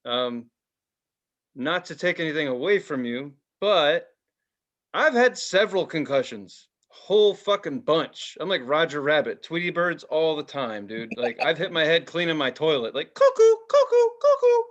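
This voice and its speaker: A man's voice: fairly high pitch, expressive, moderate pace, a bit bright, lo-fi sound. A man co-hosting a casual podcast, joking around with lots of swearing and silly put-on voices. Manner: profane, jokey banter with sudden silly voices. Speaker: podcast co-host. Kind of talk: casual chat.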